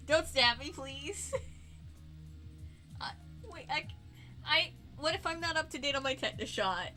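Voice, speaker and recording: A woman's voice: high-pitched, expressive, moderate pace, long pauses, bright, forceful tone, faint music behind. A woman hosting a casual game stream, playful and giggly as she teases her guest. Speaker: host. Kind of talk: casual chat while gaming.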